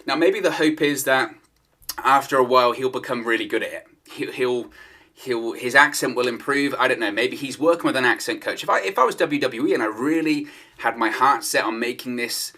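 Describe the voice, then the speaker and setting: A man's voice: mid-range voice, a little fast, sharp tone. A man giving solo opinion commentary on wrestling news, in a conversational manner and repeating his points for emphasis.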